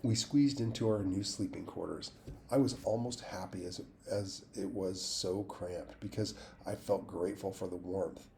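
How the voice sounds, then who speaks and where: Male audiobook reader, low and mellow voice, steady plain read. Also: moderate pace, creaky, a little hiss or hum. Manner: steady, plain reading with small slips and restarts. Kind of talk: reading a novel aloud.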